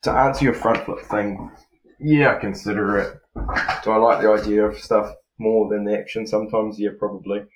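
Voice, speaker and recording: A New man with a notably deep voice talks loosely and casually, full of ums and restarts. The recording has a roomy echo around him. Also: normal speed, a little hiss or hum. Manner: relaxed, rambling, many fillers and restarts. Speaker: podcast co-host, freestyle motocross rider. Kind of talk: casual podcast chat.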